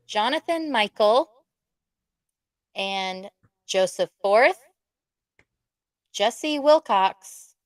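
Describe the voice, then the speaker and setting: A woman co-hosting a live podcast, chatting casually with quick laughs and self-deprecating asides. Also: medium pitch, no echo. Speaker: podcast co-host.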